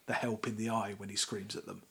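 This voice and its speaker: A man's voice: fairly low pitch, little pitch movement, a little fast, gravelly, a bit bright, slightly rough. A man hosting a podcast, talking in a wry, ranting way with lots of fillers. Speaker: podcast host. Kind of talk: casual chat.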